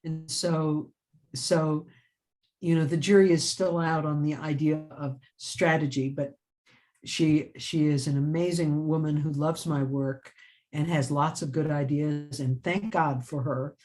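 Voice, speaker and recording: A woman's voice: sits low, steady tone, a little slow, a little mellow. A woman author chatting in an interview. She tells stories with lots of energy, laughs often, and restarts her phrases as she rambles along. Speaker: author and writing teacher. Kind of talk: casual interview chat.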